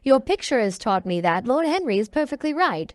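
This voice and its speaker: A woman's voice: fairly high pitch, big pitch swings, brisk, no room sound, clean studio sound. A woman voicing a vain young man who dreads growing old, speaking in a pleading, anguished way. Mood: bitter.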